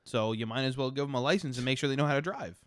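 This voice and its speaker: Insistent New man, mid-pitched. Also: racing, a bit bright, no room sound, clean studio sound. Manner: insistent, repeats his point, laughs easily. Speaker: podcast co-host. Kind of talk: casual podcast chat.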